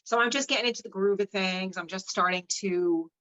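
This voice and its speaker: A woman's voice: medium pitch, a little fast, a bit bright. A woman guest telling her personal story frankly and without a filter, swearing freely and acting out what others said, in a slightly dull recording. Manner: frank and unfiltered, swears freely, acts out quoted dialogue. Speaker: podcast guest.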